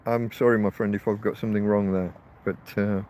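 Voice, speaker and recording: A man with a lowish, darkish voice talks briskly and levelly, rambling to viewers from the windy field where he lives rough. He is chatty and corrects himself, and his portrait-mode phone picks up wind and faint outdoor noise.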